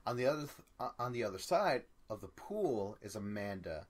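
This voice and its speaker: A man's voice: lowish voice, sing-song, a little fast. A man co-hosting a podcast, chatting casually about a reality show, rambling, repeating himself and cursing. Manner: loose and rambling, repeats words, curses. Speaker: podcast co-host. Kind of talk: casual reality-TV recap chat.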